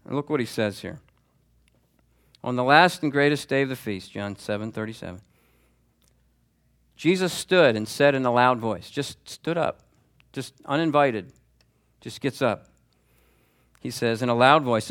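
A man's voice: mid-range voice, expressive, unhurried, pauses often, a bit bright. A man preaching a sermon as pastor, in a conversational, emphatic style that repeats key phrases.

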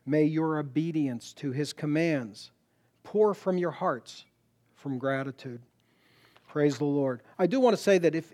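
A middle-aged man preaching a sermon in a church, emphatic, repeating words and rising to loud punchlines. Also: a little high.

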